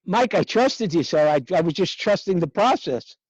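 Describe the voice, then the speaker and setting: A middle-aged man telling a story in casual conversation, animated and acting out past dialogue. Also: sits high, moderate pace, no echo, dull audio. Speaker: guest recalling early sessions.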